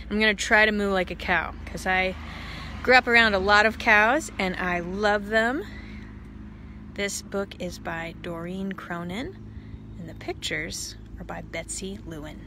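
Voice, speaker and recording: A woman priest reading a picture book aloud to children, animated and expressive, with playful sound effects. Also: medium pitch, a little slow, a little hiss or hum.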